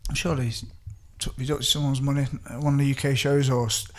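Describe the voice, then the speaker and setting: A man in casual podcast banter, laid-back and rambling, quick to laugh. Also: mid-range voice, little pitch movement. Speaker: podcast guest, fight coach.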